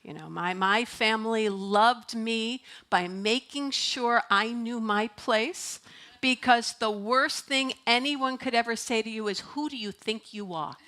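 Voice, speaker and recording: A woman's voice: on the high side, slow, pushed and bright. A middle-aged woman minister giving a sermon in a church, talking in a chatty, playful way and laughing often. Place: church sanctuary.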